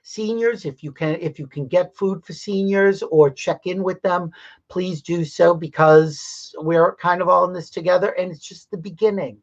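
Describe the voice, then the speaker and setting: A man's voice: high-pitched, fairly even intonation, moderate pace. A man hosting a live-stream talk show, chatting casually and speaking straight to his viewers in a reassuring way. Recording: dull lo-fi stream audio.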